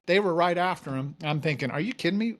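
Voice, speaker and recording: A man's voice: fairly high pitch, lively intonation, quick pace. A man, a mortgage company founder, telling his story in a casual interview and acting out the dialogue.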